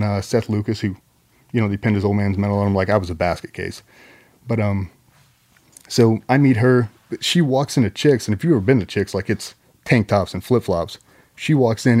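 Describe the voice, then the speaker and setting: A man's voice: on the low side, warm tone. A man, a former Navy SEAL guest on a podcast, telling a long story in a rambling, profane, casual way.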